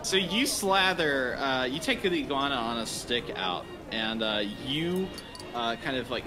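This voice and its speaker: A man's voice: medium pitch, background noise. A man narrating a tabletop game as game master, rambling and hesitant with many fillers.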